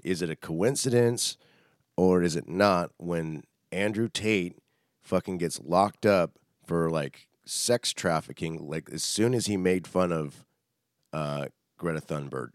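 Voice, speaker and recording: A man's voice: low-pitched, slow, no room sound, studio quality. A young man casually chatting as a podcast co-host, rambling and swearing a lot. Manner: profane, rambling, animated. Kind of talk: casual chat.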